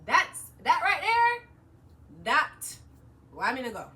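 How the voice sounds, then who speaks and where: A woman voicing her disapproving mother, who repeats herself in a low, firm tone. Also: wildly swooping pitch, slow, background noise, exaggerated voice. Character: stern Jamaican mother scolding, older woman.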